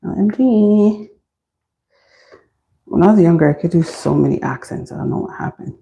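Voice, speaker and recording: Woman, low voice, gravelly, mellow tone, chatty livestream host, answers chat while working, phone mic, small washroom. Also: fast, poor audio. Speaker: livestream host styling a wig. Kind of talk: casual chat with live viewers. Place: small warm washroom indoors. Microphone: phone camera.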